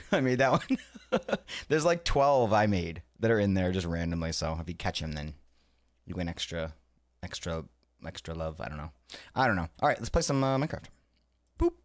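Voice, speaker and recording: A man in his thirties chatting casually on a live stream, laughing often and swearing in excited outbursts. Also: lowish voice, dry recording, clean studio sound. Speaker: livestreamer.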